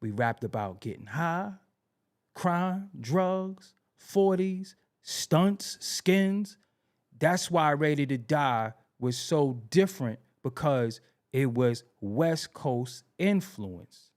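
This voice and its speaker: Animated high-voiced man storytelling. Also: slow pace. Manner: animated, swinging pitch, repeats himself for emphasis. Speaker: podcast host. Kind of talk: casual storytelling about music history.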